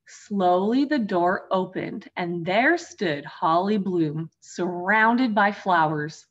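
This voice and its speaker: A woman teacher reading a picture book aloud to young children, gently addressing them as friends. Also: lowish voice, animated, slow pace, hardly any pauses, muffled recording. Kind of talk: storybook read-aloud for children.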